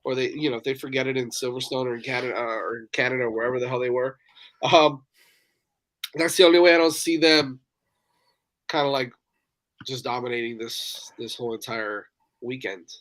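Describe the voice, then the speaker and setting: A man's voice: medium pitch, steady tone, fairly quick, pauses often, fairly bright tone. A man co-hosting a casual motor racing podcast, talking loosely and laughing at his own slips. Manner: loose, rambling, laughs at himself. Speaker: podcast co-host. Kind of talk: casual sports chat.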